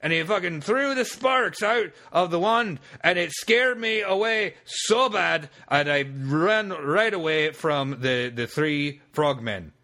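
A man's voice: fairly high pitch, animated, takes it slowly, few pauses, pushed and bright, voice pushed up, exaggerated voice. A man putting on a rambling drunk Scotsman. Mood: rambling boastful. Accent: put-on Scottish. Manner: rambling, stammering, boastful storytelling. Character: drunk male Scotsman telling a tall tale.

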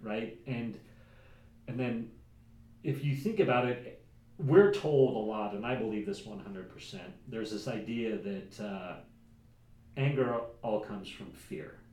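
A man's voice: mid-range voice, measured pace, darkish tone. A man talking candidly as a podcast guest in a rambling way, often adding "like" and "right?". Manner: rambling, fills speech with "like" and "right?". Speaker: guest, entrepreneur and father. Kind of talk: candid casual conversation. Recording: echoey room, distant mic, faint noise.

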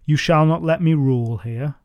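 Booming giant king, stern and slow, put on by a male narrator; mellow, dry. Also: dry recording, muffled recording, natural voice.

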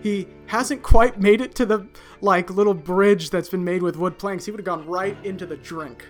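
A man runs a tabletop game and narrates in a loose, halting way, full of ums and uhs. Faint music plays underneath. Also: high-pitched, steady tone. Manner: casual, halting, with frequent fillers. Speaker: game master.

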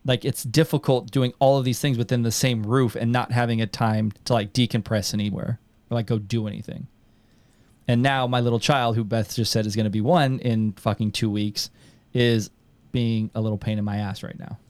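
A man's voice: mid-range voice, normal speed, no room sound. Swearing young man hosting a podcast. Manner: swears often, animated storytelling with quoted voices. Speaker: podcast host. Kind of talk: casual chat.

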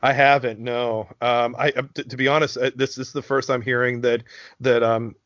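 A man from Pennsylvania co-hosts a loose, profane podcast chat. He rambles and restarts his sentences, leaning on fillers. His voice sits at an average pitch, and the recording is dry and a little dull. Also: little pitch movement, fairly quick, a bit bright, no echo. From south central Pennsylvania. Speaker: podcast co-host.

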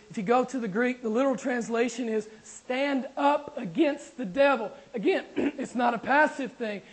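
High-voiced preacher losing his voice. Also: poor audio. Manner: conversational preaching, rhetorical questions to the congregation. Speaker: pastor. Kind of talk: sermon.

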